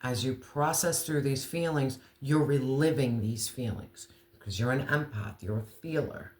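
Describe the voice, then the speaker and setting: Earnest man giving a tarot reading, echoey. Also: medium pitch. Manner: earnest, emotional, slow deliberate emphasis. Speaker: tarot reader.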